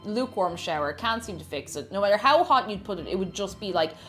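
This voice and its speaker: A woman streams herself cooking live, her medium-pitched voice animated, quick, and fairly bright. She chats casually, reads viewer messages aloud and reacts, often stammering and restarting, while music plays in the background.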